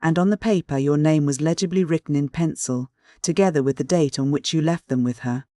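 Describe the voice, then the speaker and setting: A man voicing a middle-aged male investigator who speaks calmly, coldly and with faint irony. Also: on the high side, a little fast, no room sound, studio quality, close to an everyday voice. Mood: cool. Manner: calm, cold, faintly ironic.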